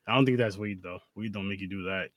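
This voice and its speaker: A man's voice: deep voice, brisk, heavy background noise. A man hosting a casual podcast chat, rambling, swearing a lot and laughing often. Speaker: podcast host.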